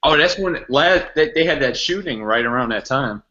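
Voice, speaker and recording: A man's voice: mid-range voice, expressive, normal speed, sharp tone. A man hosting a casual chat, blunt and heavy on profanity. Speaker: podcast host. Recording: muffled lo-fi recording.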